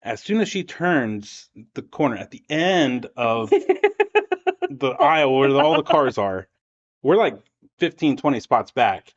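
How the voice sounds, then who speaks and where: A man's voice: on the high side, takes it slowly, dull audio. A man casually telling a family anecdote on a podcast, acting out the voices of the people in it. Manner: animated, acts out voices in his anecdotes. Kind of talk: casual storytelling.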